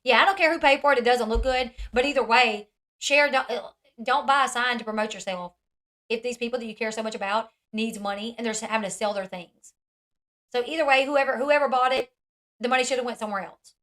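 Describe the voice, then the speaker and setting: Woman vlog commentator, bright forceful tone, slightly high, blunt and sarcastic. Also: brisk. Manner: blunt, sarcastic, mimics others mockingly. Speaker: commentary channel host.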